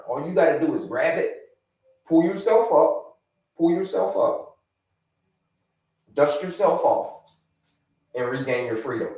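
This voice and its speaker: Energetic man on a live stream, echoey room. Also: fairly high pitch, distant mic. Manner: energetic, repeats himself, gives shout-outs to viewers. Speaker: livestream host, health coach. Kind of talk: live stream chat with viewers. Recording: echoey room, away from the mic.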